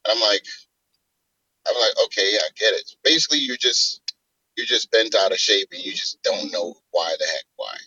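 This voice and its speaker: A man calling in to a talk show, telling a story in a halting way with many restarts. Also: on the low side, bright, forceful tone, breathy edge, dry recording, muffled recording. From South Carolina. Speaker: caller. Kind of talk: casual call-in talk.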